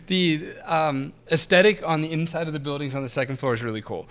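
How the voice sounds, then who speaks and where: Brisk and fairly bright, this co-host's fairly high voice moves along as he and a partner casually review a game on their retro gaming podcast. He laughs often and frequently starts his sentences over.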